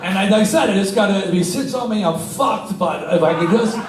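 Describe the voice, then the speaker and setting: A man's voice: sits high, a little fast. Profane storytelling man in his sixties. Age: 60s. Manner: animated, swearing, laughing while telling stories. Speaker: guest on stage. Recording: echoey, distant live-room sound with faint noise.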